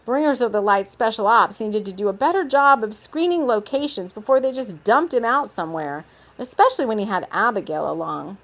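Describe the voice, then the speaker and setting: A woman reads a story aloud in a fairly high voice. She keeps it relaxed and unpolished, breaking off for little asides. The feel is a casual spoken storytelling session. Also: fairly quick. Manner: relaxed, with off-script asides and laughs.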